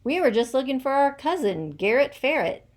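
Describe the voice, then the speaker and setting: A woman's voice: high voice, sing-song, moderate pace, a little hiss or hum, voice pushed up. A woman voicing a pair of cheerful, chatty male moles who have lost their way in a read-aloud storybook.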